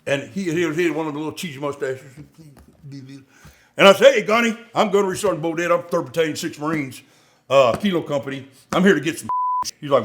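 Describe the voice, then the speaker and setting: He has a slightly high voice and a quick pace, with noise behind him. The speaker is a middle-aged Marine veteran co-hosting a podcast, swapping war stories casually, cursing, animated, and acting out lines loudly.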